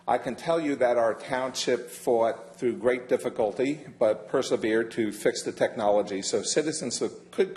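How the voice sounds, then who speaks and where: Measured, emphatic older man. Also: medium pitch, a little mellow. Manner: measured, emphatic, stresses key words. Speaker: public commenter at a county meeting. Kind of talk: formal public comment. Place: county council chamber.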